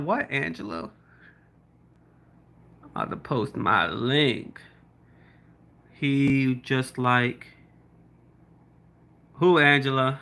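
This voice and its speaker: A man's voice: mid-range voice, very slow, long pauses, bright, forceful tone. A man from South Florida with a Southern accent, rambling casually on a livestream as he answers viewer comments. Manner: rambling, chatty, laughing asides, lots of likes and ums. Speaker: YouTuber.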